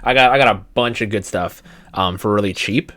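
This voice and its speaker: A man's voice: on the low side, brisk, a bit bright. A young man from Canada hosting a casual podcast, chatty with lots of ums. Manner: chatty, many ums and restarts. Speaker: podcast host. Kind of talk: casual chat.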